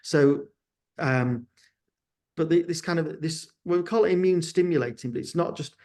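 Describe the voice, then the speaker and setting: Speaking at a normal speed, this male company founder has a slightly high, darkish voice. As an interview guest he responds hesitantly yet candidly, often starting his sentences over.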